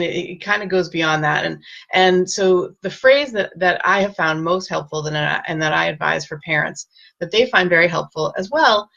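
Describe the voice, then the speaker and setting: A woman hosting a casual live-stream with parenting advice, speaking gently and reassuringly and greeting viewers by name. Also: fairly low pitch, gravelly, muffled recording.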